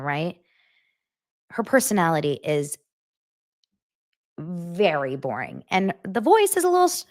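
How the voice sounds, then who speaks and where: A woman hosting a podcast, chatting casually and animatedly about reality TV, often turning to her listeners. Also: mid-range voice. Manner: chatty, animated, talks straight to her audience. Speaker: podcast host. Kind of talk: casual gossip chat.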